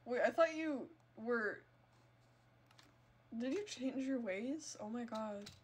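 A woman's voice: fairly high pitch, slow pace, breathy edge. A woman streaming a video game, chatting casually to her viewers in a rambling way with lots of filler words. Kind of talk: casual gameplay streaming chat.

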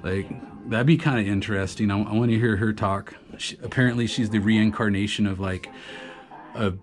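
A man's voice: fairly low pitch, steady tone, moderate pace. Rambling, chatty man over background music. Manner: rambling, chatty, laughs often. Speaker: graffiti artist reviewing art supplies. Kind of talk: casual talk to camera while drawing. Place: home art studio.

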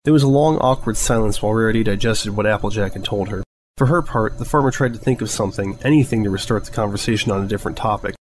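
A man narrating a fan story aloud in a steady, even reading voice. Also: on the low side, fast talker, low-quality recording. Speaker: fanfiction reader. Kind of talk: audiobook narration.

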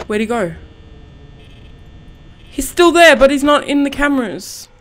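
A woman's voice: high-pitched, expressive, takes it slowly. A young woman hosting a horror game let's-play, panicky and gasping, swearing under her breath. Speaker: gaming channel host.

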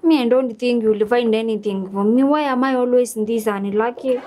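Brief: woman as a fretful young friend, high mellow voice. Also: fairly even intonation, fairly quick, a little hiss or hum, natural voice. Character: anxious young woman, quick to apologise.

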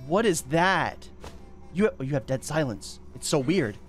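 A young man giving loud, excitable gameplay commentary, trash-talking other players, laughing and yelling often. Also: fairly high pitch, unhurried, soft background music. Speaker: gaming YouTuber.

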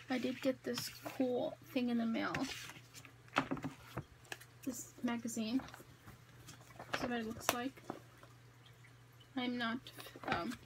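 A woman's voice: a little high, heavy background noise. A young woman chatting casually to her viewers at home in an eat-with-me vlog, rambling with fillers and correcting herself as she goes. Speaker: vlogger. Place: home, indoors.

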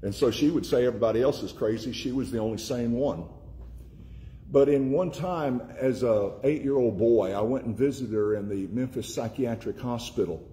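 A man from Tennessee preaching a sermon as pastor, slowing down and repeating key words for emphasis. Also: medium pitch, warm tone.

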